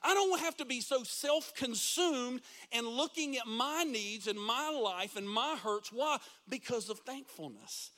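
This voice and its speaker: A man's voice: very high voice, expressive, measured pace, hardly any pauses, bright, forceful tone. A middle-aged male pastor preaching a sermon in a church, full of rhetorical questions to the congregation. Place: church sanctuary.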